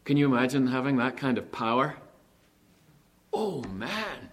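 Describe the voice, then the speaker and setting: Here a pastor gives a lively sermon. His pitch is medium, and he stresses important words by slowing down while asking his congregation rhetorical questions.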